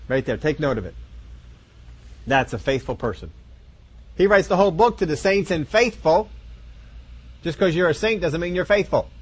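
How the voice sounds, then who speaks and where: Male preacher, fairly high voice, emphatic and repetitive, sermon delivery. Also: breathy edge. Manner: emphatic, repetitive declarations addressing the congregation.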